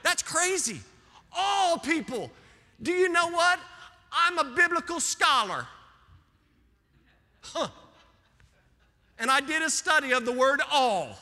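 A man's voice: extremely high pitch, very animated, slow, pauses often, bright, forceful tone. A male pastor preaching a fervent sermon, joking with his congregation. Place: church sanctuary. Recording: long hall reverb of a church.

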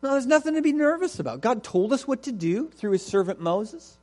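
A man's voice: very high-pitched, sing-song, a little fast, darkish tone, voice pushed up, heavily acted. A man voicing a confident ancient Hebrew man who chides his friend and brushes off his worry. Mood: dismissive. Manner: dismissive, chiding, brushing off worry.

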